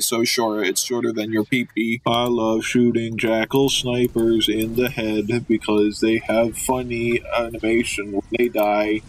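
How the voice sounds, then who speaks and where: A young man giving goofy, excitable commentary while playing a video game, joking and trash-talking the enemies. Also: on the low side. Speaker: gamer. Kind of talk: let's play commentary.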